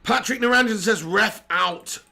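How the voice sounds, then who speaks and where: Ranting man with a sore, gravelly voice. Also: high voice, normal speed, pushed and bright. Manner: ranting, exasperated, repeats himself. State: strained, sore voice. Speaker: football watch-along host. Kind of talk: live match watch-along commentary.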